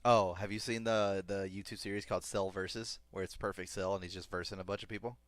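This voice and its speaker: A man's voice: low voice, level tone, quick pace, no room sound. A young man co-hosting a podcast, chatting casually, swearing a lot and acting out scenes in silly voices. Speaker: podcast co-host. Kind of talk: casual chat.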